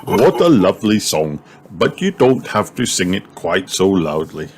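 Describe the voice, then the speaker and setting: A man's voice: sits low, sing-song, a little slow. A man voicing a jolly, easygoing father pig in a storybook reading, with background hiss. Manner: jolly, good-humoured.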